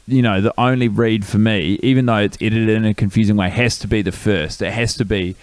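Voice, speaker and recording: Aussie guy on a podcast, lowish voice, dry close mic, rambles a bit wry. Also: fairly even intonation, a little fast, no room sound. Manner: wry, long-winded musing. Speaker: podcast co-host. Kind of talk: casual chat.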